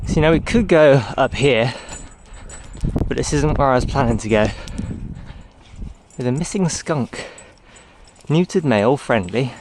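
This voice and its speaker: Talking into a handheld camera on a roadside walk, this male vlogger chats casually while encouraging his dog along. He speaks at medium pitch, unhurried and pausing often. Outdoor noise and the dog come through in this noisy recording.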